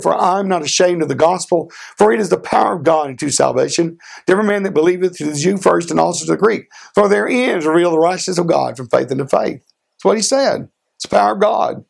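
A man preaching a sermon, earnest, asking rhetorical questions and slowing down for emphasis. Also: high-pitched, creaky, breathy edge. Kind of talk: sermon with a personal story.

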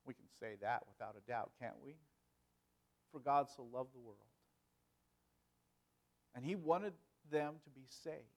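A man preaching a sermon, asking rhetorical questions and moving between loud emphasis and quiet, hushed lines. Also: mid-range voice, a little slow, long pauses.

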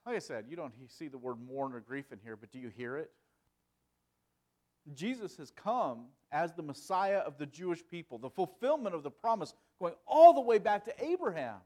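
Man preaching, from loud to hushed. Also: fairly high pitch, lively intonation, normal speed. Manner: swings from loud emphasis to hushed, quiet delivery; asks rhetorical questions. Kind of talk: sermon.

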